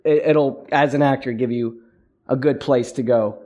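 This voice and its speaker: A man's voice: mid-range voice, steady tone, moderate pace, dark tone, lo-fi sound. A young man, an actor, chatting casually in an interview, rambling with lots of fillers and frequent laughs. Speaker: actor guest.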